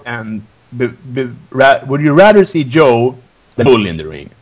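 A man's voice: medium pitch, very animated, measured pace. A man hosting a podcast, recapping wrestling in a rambling, casual way, laughing often between restarts. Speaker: podcast host.

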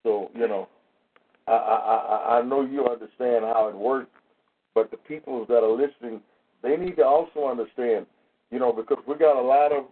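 A man's voice: medium pitch, normal speed, breathy edge. A man on a call talking about faith in a preachy way, stammering and repeating his words. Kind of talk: preachy casual chat. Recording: tinny phone line.

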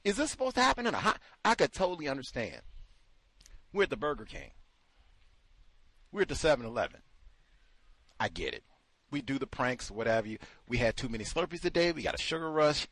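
A man's voice: mid-range voice, big pitch swings, a little fast, long pauses, fairly bright tone, dry recording. A man hosting a talk show, delivering sarcastic, incredulous commentary full of rhetorical questions. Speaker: host.

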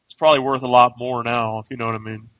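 A man co-hosting a podcast, rambling in casual chat with halting restarts. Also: medium pitch, little pitch movement, a bit bright, dry recording. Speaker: podcast co-host. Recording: distant dull dry mic.

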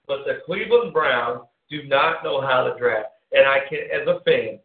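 A man's voice: medium pitch, moderate pace. Ranting man, tinny echoey sound. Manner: ranting, animated, sarcastic. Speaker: sports talk host. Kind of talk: casual sports talk.

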